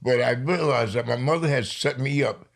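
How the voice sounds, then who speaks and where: Gravelly older man telling stories. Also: mid-range voice. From New York. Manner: lively storyteller, slows down for emphasis. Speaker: poet guest. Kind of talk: storytelling interview.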